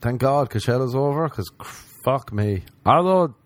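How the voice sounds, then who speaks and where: A man's voice: medium pitch, expressive, moderate pace, no room sound. A man hosting a podcast, rambling through a crude, sarcastic comedy monologue and slipping into mocking voices. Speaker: podcast host.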